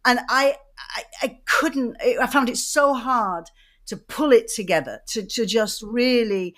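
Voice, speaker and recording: A woman from Manchester with a Mancunian accent, co-hosting a podcast and telling lively, rambling anecdotes in casual chat. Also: on the high side, a little slow. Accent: Mancunian English. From Manchester, England. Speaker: podcast co-host.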